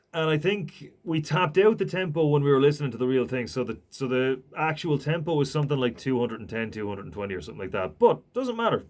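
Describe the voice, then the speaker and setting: A man teaching guitar, recapping a lesson patiently, counting beats aloud and scatting riffs over his playing. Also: medium pitch. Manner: patient, repeats okay and right, counts and scats riffs. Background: guitar and metronome.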